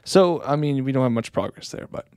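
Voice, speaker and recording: A man's voice: medium pitch, fairly quick, a little mellow, no room sound. Laid-back young man, podcast co-host. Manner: laid-back, rambling, teasing. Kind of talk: casual chat.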